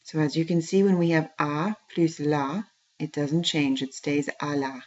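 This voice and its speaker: This is a classroom French lesson taught by a woman whose low, darkish voice stays fairly even and unhurried. She patiently voices each French phrase and follows it with a translation. The audio is dull and lo-fi.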